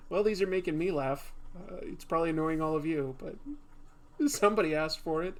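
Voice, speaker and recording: A man's voice: fairly high pitch, fairly quick. A man hosting a comics video, chatting casually and self-mockingly while drawing. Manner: self-mocking, chuckling between attempts.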